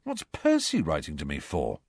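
A man's voice: a bass voice, wildly swooping pitch, normal speed, a little mellow, no room sound, clean studio sound, voice pushed down, full character voice. A man voicing a grumpy, short-tempered teenage boy wizard in a storybook reading. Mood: grumbling.

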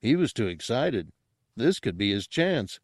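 A man narrating an audiobook in a steady, unhurried storytelling manner. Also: medium pitch, no echo, studio quality.

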